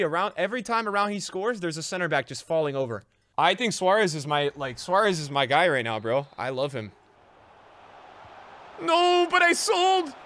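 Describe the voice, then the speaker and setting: A young man giving live commentary on his own football video game match to his chat, excitable, swearing often and yelling at big plays. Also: sits high, dry recording. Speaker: game streamer.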